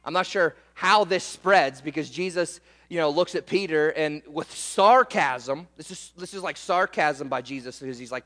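A male pastor with a high voice preaches in a loose, conversational way. He stumbles and repeats words, then drives home short refrains with emphasis. His voice carries a long reverb from a large hall. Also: normal speed, few pauses, fairly bright tone. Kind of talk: sermon.

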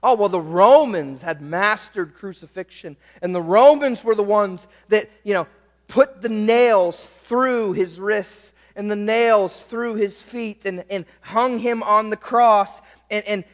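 A man's voice: sits high, slow pace, in a large hall. A man preaching a sermon, emphatic, drawing out key words and checking in with the congregation. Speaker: pastor.

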